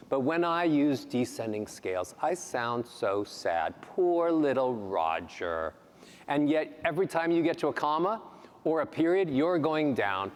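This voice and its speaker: A man who is a voice coach, speaking on a conference panel and demonstrating speech melody with sweeping pitch changes. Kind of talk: panel talk with vocal demonstrations. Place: large hall on a conference stage. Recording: long hall reverb.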